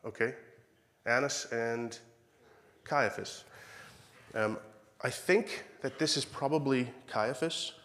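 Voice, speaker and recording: A man's voice: mid-range voice, takes it slowly, long pauses, fairly bright tone. A man with an Irish accent preaching a sermon in a church, reading scripture and acting out the quoted dialogue in a conversational, self-correcting way.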